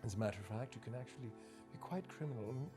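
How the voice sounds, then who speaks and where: A man's voice: medium pitch, very fast, over music. A man giving a documentary interview, telling comic stories with plenty of flair. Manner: animated, comic, does voices.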